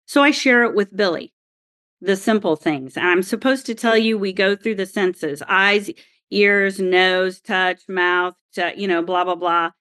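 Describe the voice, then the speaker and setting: A middle-aged woman from Oklahoma, a golf caddie guest telling a story in a lively, emphatic, exasperated way. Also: mid-range voice, unhurried, dry recording, studio quality. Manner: animated, emphatic, exasperated retelling. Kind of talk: casual storytelling.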